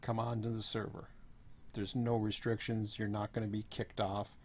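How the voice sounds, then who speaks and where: A hoarse man who is losing his voice gives a rambling, offhand walkthrough as host of an online server. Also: lowish voice, level tone, moderate pace, a little mellow. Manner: rambling, offhand, says "blah, blah, blah". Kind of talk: casual screen walkthrough.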